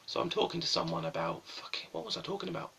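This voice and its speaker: A man's voice: on the high side, huge pitch swings, fast talker, vocal fry, bright, forceful tone, slight background noise. A young man rambling through stories on a live stream, swearing often and mocking himself.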